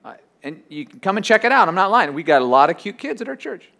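A pastor preaching a sermon, swinging between loud emphasis and quiet, low asides. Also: male voice, sing-song, quick pace, gravelly.

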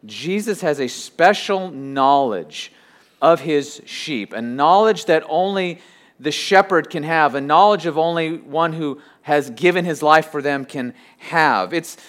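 A pastor preaching a sermon, swinging between loud emphasis and quiet, low asides. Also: male voice.

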